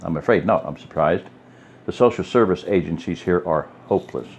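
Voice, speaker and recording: A man's voice: deep voice, fairly quick, a little hiss or hum. A man reading the lines of an efficient young woman aid worker in an audiobook, in a slightly raised voice. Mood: brisk. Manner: efficient, industrious.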